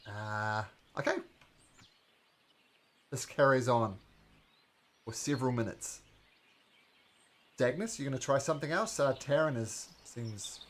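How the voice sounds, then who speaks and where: A man's voice: medium pitch, fairly bright tone, a little hiss or hum. A man narrating a tabletop game as game master, with lots of fillers and hesitations.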